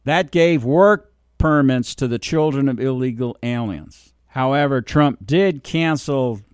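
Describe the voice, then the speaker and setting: Middle-aged guy ranting about politics, blunt and emphatic, average pitch, dry close mic. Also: a little slow, clear, resonant tone, no echo. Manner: blunt, emphatic, repeats points for stress. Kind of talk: political commentary monologue.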